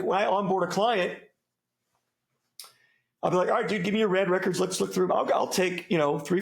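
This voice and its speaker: A man from the United States with a gravelly, creaky voice that sits a little high, talking as an interview guest. He speaks in a loose, laid-back way and swears freely. He rambles and restarts often, with buddy slang throughout. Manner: rambling, many restarts and asides. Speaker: interview guest, former soldier. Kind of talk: casual interview chat.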